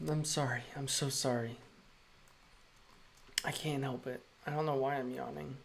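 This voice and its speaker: Wry, gravelly-voiced streaming illustrator. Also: mid-range voice, steady tone, unhurried, a little hiss or hum. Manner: wry, self-amused, joking often with laughs. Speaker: illustrator live-streaming work. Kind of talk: casual live-stream chat while drawing.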